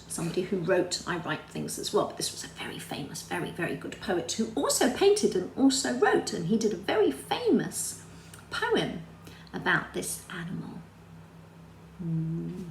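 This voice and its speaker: Animated woman teaching young children. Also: on the low side, echoey room, slight background noise, poor audio. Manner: animated, sing-song, quizzing the listener. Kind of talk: storytelling lesson for young children.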